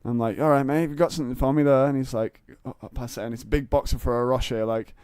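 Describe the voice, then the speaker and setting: A man's voice: mid-range voice, fairly even intonation, rapid-fire, a little mellow, clean tone, dry recording, studio quality. A young man, a comedian and podcast guest, telling rambling stories in casual chat with lots of fillers and restarts.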